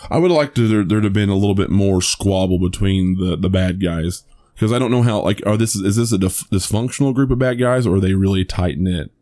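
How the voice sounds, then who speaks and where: A man with a deep, warm voice talks a little fast. He's co-hosting a podcast and casually reviewing a movie in a rambling way, with many restarts and some swearing.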